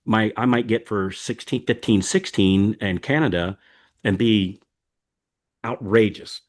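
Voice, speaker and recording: Folksy low-voiced American man. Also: a little slow. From United States. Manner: rambling, folksy, many fillers and restarts. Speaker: podcast host. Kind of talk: casual podcast chat.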